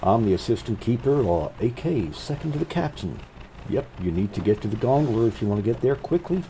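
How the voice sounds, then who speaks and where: A man's voice: medium pitch, animated, fairly quick, mellow, slight background noise, natural voice, low-quality recording. A man voicing a friendly male assistant lighthouse keeper in a game, with a made-up American twang that sounds a bit like Kermit. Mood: welcoming.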